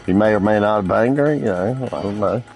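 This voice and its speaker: A man's voice: fairly low pitch, brisk, gravelly, darkish tone, faint music behind. A man streaming a multiplayer game, chatting casually and crudely with friends, telling rambling stories and teasing them. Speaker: gaming streamer.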